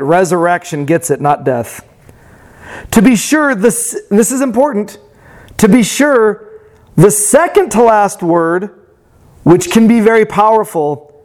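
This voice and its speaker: A man preaching a sermon in a reflective way that turns animated when he tells a story. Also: high voice. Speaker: pastor.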